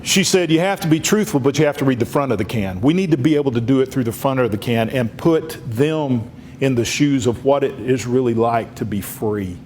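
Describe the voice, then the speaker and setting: A man's voice: mid-range voice, fairly quick, darkish tone. Man giving a folksy political speech. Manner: folksy storytelling with many restarts. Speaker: congressman speaking at a luncheon.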